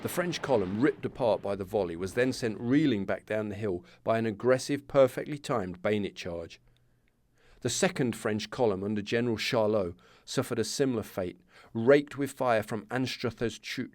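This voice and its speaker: A man's voice: lowish voice, moderate pace, darkish tone, no room sound, studio quality. A man hosting a history podcast, reading scripted narration with casual asides. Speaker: podcast host.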